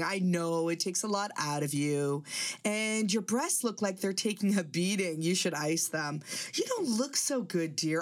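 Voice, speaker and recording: A woman's voice: mid-range voice, natural voice. A woman voicing a nosy older mother-in-law who nags in a fake-sweet, condescending way. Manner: fake-sweet, backhanded nagging.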